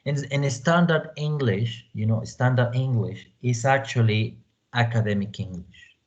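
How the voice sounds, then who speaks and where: Slow, deliberate male language teacher. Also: mid-range voice. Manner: deliberate, repeats "you know" as a filler. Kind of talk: online class lecture. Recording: dull lo-fi audio.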